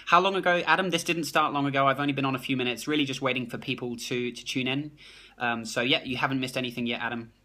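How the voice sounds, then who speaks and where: Fast-talking New Zealand man. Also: mid-range voice. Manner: fast, excitable, many restarts. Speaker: productivity blogger hosting a live stream. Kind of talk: casual live-stream chat, reading comments. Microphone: phone.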